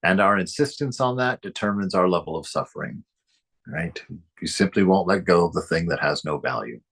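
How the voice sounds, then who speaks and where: A man's voice: low-pitched, lively intonation, fairly quick, gravelly, fairly bright tone, breathy edge. A man reading a spiritual book aloud and commenting on it, speaking emphatically, repeating phrases and chuckling often.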